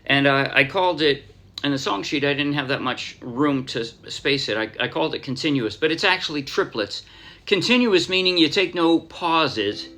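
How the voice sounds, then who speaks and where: An American man with a higher-pitched voice and lively intonation teaches a ukulele song casually at a normal speed. He rambles slightly while strumming and counting the beats aloud.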